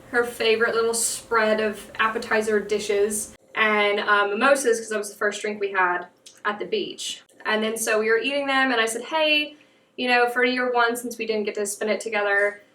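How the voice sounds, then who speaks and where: Young American woman guest, bright-toned, chatty storyteller, recorded off mic in a roomy space. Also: on the high side, steady tone, moderate pace, recorded from a distance. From United States. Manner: chatty, lots of "like" fillers. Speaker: podcast guest. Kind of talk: casual chat, storytelling. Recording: echoey room, off mic.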